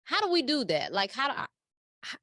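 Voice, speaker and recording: A woman's voice: high voice, big pitch swings, brisk, sharp tone, no room sound. Hesitant woman host, dry sound. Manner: hesitant, searching for words. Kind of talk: casual interview conversation.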